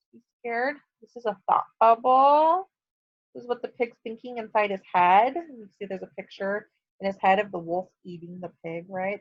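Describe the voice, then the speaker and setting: A woman teacher reading a picture book aloud to her students, stopping to ask questions and explain. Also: medium pitch. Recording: dull lo-fi recording.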